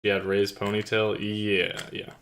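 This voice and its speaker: A man's voice: on the low side, monotone, unhurried, a bit bright, a little hiss or hum. A young man streaming and chatting casually with his viewers, rambling with lots of fillers and casual swearing. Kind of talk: casual chat with live chat. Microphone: own streaming mic.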